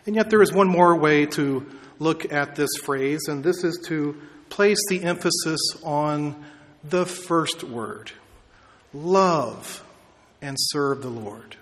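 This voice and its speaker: A male pastor giving a measured sermon, stretching out key words for emphasis, in a church sanctuary. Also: a little high. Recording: long reverb of a large hall.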